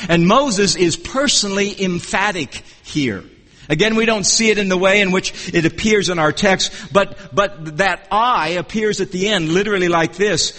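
A man preaching an expository sermon in an earnest, measured teaching manner, often restarting his phrases. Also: high voice, animated, bright, forceful tone. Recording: long reverb of a hall.

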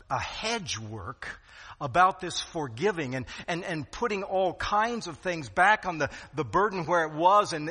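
A pastor preaching a sermon with emphatic delivery, swinging from loud to quiet. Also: male voice, fairly high pitch, slightly rough. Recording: long hall reverb.

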